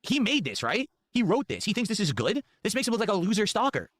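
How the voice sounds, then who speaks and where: A man's voice: sits high, wildly swooping pitch, quick pace, a bit bright, no room sound. A man streaming, reacting to video clips with incredulous, sarcastic commentary and plenty of swearing.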